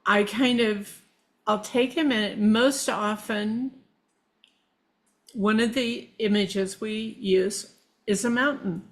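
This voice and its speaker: A middle-aged woman talking casually as a guest, meandering and halting with restarts. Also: mid-range voice, steady tone. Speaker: guest, shamanic practitioner. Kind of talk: casual conversation.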